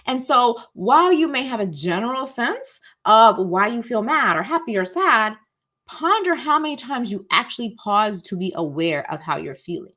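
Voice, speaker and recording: A woman's voice: medium pitch, fairly bright tone. Woman, casual life-coach teacher; encouraging, chatty, calls listeners y'all. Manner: acts out inner thoughts in quoted asides.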